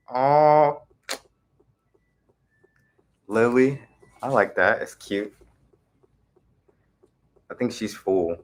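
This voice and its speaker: A young man hosting a casual livestream, greeting viewers by name in a relaxed, laid-back way. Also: fairly low pitch. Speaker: livestream host.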